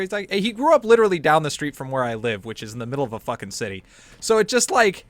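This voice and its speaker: Excitable, rambling man in gameplay chat. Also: fairly high pitch, fast, dry recording. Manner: laughs a lot, rambling, swears casually. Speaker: co-host of a gameplay video.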